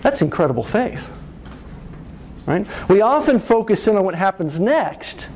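Animated man preaching a sermon. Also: sits high, measured pace, slight background noise. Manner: animated storytelling, asks "right?".

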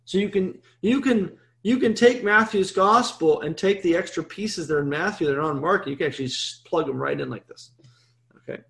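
A man's voice: sits high, a little fast, creaky, fairly bright tone. A man, a priest, teaching a Bible passage in a sermon, chatty and often checking in with "okay?". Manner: conversational, frequent "okay?" check-ins.

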